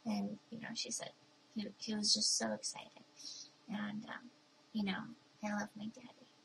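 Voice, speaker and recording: A bubbly young woman in her twenties talks straight to her viewers in a casual question-and-answer vlog. Her voice sits at an ordinary middle pitch. She is chatty and playful, and she puts on little voices for the people she quotes. A faint hiss runs under the recording. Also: flat delivery, a little slow, vocal fry, fairly bright tone, poor audio. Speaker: vlogger. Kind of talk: casual talking-to-camera Q&A.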